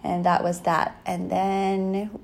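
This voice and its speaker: A woman's voice: on the low side, slow pace, vocal fry. A woman in her thirties chatting casually on a podcast with her husband, laughing often and acting out quoted voices, recorded on a phone at home. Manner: giggly, animated storytelling with put-on quoted voices. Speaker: podcast co-host. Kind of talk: casual chat. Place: home in Hawaii.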